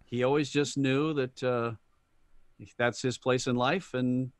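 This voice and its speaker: A man's voice: medium pitch, takes it slowly, clear, resonant tone, dry recording. Chatty man telling anecdotes, dry sound. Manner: chatty and animated, retelling anecdotes with quoted voices. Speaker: voice actor guest. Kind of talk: casual interview storytelling.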